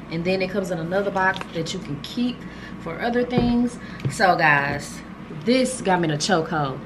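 A woman's voice: fairly low pitch, background noise. A woman, chatting casually and gushing to viewers as she unboxes gifts for her vlog, filmed on a handheld camera. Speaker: vlogger.

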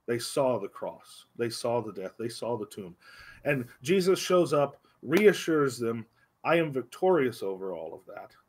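A man teaching an adult Bible class in a church, speaking earnestly and slowing down for emphasis on key phrases. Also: medium pitch, husky. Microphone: livestream microphone.

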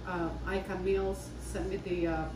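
A woman's voice: fairly low pitch, little pitch movement, unhurried, background noise. A woman chatting to camera in her home kitchen while prepping meals, casual and talkative. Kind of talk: casual vlog chat. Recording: roomy kitchen sound from a distance.

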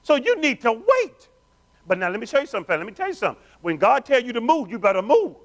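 A male pastor with a high voice and a very lively, sweeping pitch. He preaches with call-and-response, urging the congregation on as family. His volume dips from loud declarations to near-whispered asides. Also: quick pace. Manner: swings between loud declarations and hushed, low asides. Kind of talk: sermon. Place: church sanctuary.

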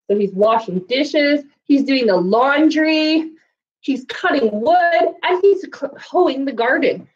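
A woman reads picture books to young children in an unhurried, animated way, stopping to quiz her listeners. She has a slight cough now and then. The recording sounds muffled and lo-fi. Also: sits high. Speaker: children's library storyteller.

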